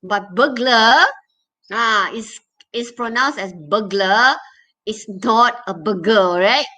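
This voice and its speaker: A woman leads an online English revision class in a bright, crisp voice that sits a little high. She explains each step patiently and keeps checking in with "okay?" and "all right?". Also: takes it slowly, poor audio. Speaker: English teacher. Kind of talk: online exam revision lesson.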